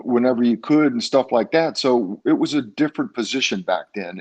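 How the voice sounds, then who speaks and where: A man's voice: medium pitch, a little mellow. An older man, a former ballplayer, recounting his career in a casual interview with many fillers and restarts. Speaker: guest, former baseball player.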